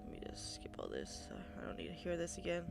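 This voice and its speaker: A woman streamer reading a visual novel aloud and reacting expressively, breaking into loud outbursts. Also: lowish voice, wildly swooping pitch, quick pace, gravelly, over loud music.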